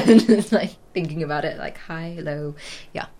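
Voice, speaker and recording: Low-voiced woman explaining patiently. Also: warm tone. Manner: explanatory, thoughtful, often pausing with ums. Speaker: wine expert guest. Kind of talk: casual conversational interview.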